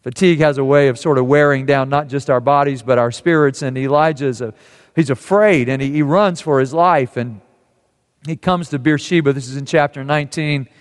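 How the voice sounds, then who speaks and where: A man preaching a sermon, telling a scripture story and quoting its voices softly. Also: mid-range voice, brisk, long reverb tail.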